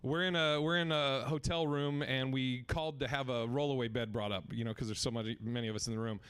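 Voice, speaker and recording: A man hosting a comedy podcast, telling a crude prank story with lively acted-out quotes and bursts of laughter. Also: mid-range voice, fairly quick, clean tone. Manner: animated storyteller, acts out shouting and quoted voices, laughs while telling. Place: festival stage with live audience.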